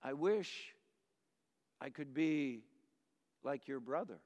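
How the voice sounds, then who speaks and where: Male pastor doing a poor, timid little boy in a story; soft, slow, gravelly, in a big echoing hall. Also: mid-range voice, expressive. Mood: earnest, hushed. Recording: long reverb of a large hall.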